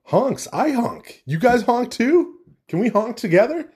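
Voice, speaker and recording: A man voicing a cheerful, naive young gosling who loves to honk, in a high excited voice. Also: measured pace, breathy edge, heavily acted. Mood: eager.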